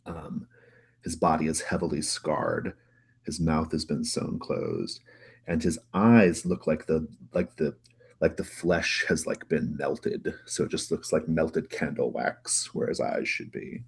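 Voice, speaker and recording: Very deep, gravelly-voiced game master. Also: male voice, lively intonation, measured pace. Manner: rambling with many "like"s and restarts. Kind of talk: narrating a tabletop game.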